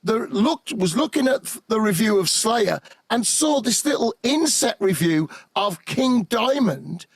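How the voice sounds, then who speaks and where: High-voiced man telling stories. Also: measured pace, hardly any pauses, no echo. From England. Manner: lively anecdotal, acts out quotes. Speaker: guest musician. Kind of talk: animated storytelling.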